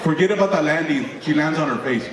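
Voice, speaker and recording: An animated male comedian telling a story to a large audience, his voice a touch higher than most men's. The hall is roomy and echoing. He is picked up from some distance, with crowd noise behind him. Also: fast. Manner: animated, lively storyteller with frequent tag questions. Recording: echoey hall from far off with crowd.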